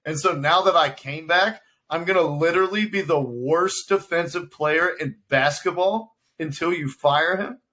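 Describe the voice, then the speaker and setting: A man co-hosting a casual sports podcast, his voice bright and a touch higher than most. He argues hard and stacks up one rhetorical question after another. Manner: heated, argumentative, rapid rhetorical questions. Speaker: podcast co-host.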